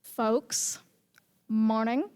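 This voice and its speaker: A teenage girl casually introducing her song onstage in a chatty, relaxed way. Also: fairly high pitch, very slow, clear, resonant tone. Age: late teens. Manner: chatty, relaxed, lots of fillers. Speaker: student performer.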